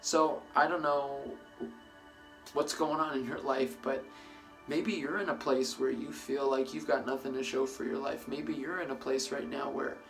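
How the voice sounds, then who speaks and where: A man giving an earnest, reflective personal testimony, with frequent pauses and fillers. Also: medium pitch, fairly even intonation, fairly bright tone, faint music behind. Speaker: testimony speaker.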